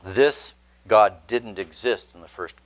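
A man's voice: fairly low pitch, slow pace. A man preaching a sermon, reading scripture aloud and stressing words earnestly. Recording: dull lo-fi sound.

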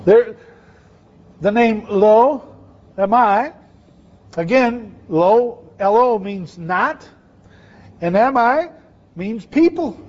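Man preaching, high voice, chatty sermon, questions to the audience, dull lo-fi recording. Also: expressive, extremely slow, pauses often. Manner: conversational, asks the audience questions.

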